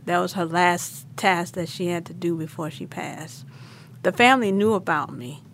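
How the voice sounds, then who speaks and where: A woman's voice: fairly low pitch, moderate pace, slight background noise. Emotional woman telling her own story. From born in Vietnam, raised in New Orleans. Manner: emotional, animated retelling with laughs and restarts. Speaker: interviewee. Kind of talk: personal storytelling.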